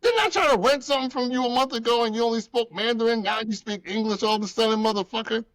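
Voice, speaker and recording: This is a male podcast host with an extremely high voice who talks fast on a dry recording. His casual show is full of heartfelt storytelling, impressions of the people involved, and plenty of swearing.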